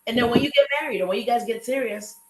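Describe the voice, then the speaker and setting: Animated woman host in an echoey room. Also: fairly high pitch, racing. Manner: animated storytelling, acts out callers' lines. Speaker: podcast host. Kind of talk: casual chat.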